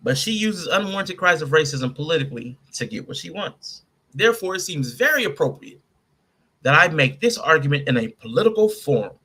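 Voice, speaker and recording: A man's voice: fairly high pitch, very animated, fairly quick, sharp tone, slightly rough. A man hosting a casual commentary podcast, reading out quotes and picking them apart. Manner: reads out quotes and picks them apart, laughing with his co-host. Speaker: podcast host.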